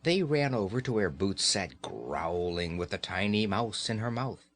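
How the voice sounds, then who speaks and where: Slow, lively male storyteller. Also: sits low, a little hiss or hum. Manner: slow, expressive. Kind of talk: children's story reading.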